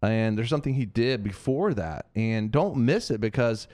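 A man's voice: medium pitch, animated, normal speed, darkish tone, no room sound. A man hosting a Christian talk show, preaching earnestly and repeating phrases for emphasis. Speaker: host of a Christian TV and radio show.

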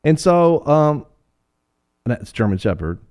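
A man's voice: on the high side, very animated, measured pace, darkish tone. A middle-aged man telling a funny story in casual chat, laughing often and acting out the people he quotes.

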